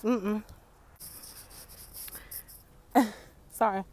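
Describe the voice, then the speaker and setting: A woman's voice: fairly high pitch, a little slow, a bit bright. A young woman, chatting casually to her viewers in a playful, exclamatory vlog. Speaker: vlogger.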